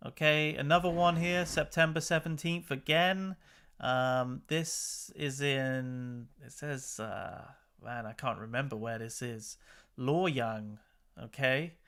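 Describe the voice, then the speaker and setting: Reacting to news clips as a channel host, a man chats in a casual, exasperated manner and laughs between comments. He has a steady, clean, slightly bright mid-range voice and a slow pace.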